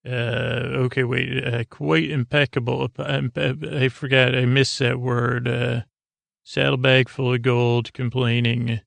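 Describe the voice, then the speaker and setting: A man hosts a casual podcast recap, retelling scenes in an offhand, meandering way full of fillers and false starts. His voice is gravelly and flat, with little rise and fall. The sound is dry and close. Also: medium pitch, a little slow, no echo. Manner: rambling, hesitant, many fillers and restarts; paraphrases dialogue in a flat offhand way. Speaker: podcast host.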